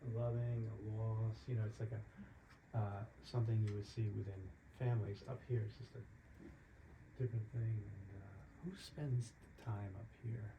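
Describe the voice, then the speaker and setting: A man on a ghost investigation with a gravelly voice, describing his sensations in earnest, halting speech. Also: on the low side, level tone, muffled recording. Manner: earnest, halting, full of fillers. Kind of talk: casual investigation chat. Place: attic room in a house. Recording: loud background noise.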